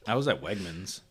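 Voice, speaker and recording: A man's voice: deep voice, bright, forceful tone. A young man hosting a casual podcast chat, telling stories animatedly and acting out both sides of the dialogue. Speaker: podcast host.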